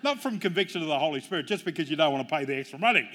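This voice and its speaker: Pastor, male, slightly high voice, jokey storyteller who climbs in pitch to hammer home a point. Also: animated, racing, few pauses, pushed and bright. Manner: jokey, storytelling preacher with emphatic rises. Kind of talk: sermon.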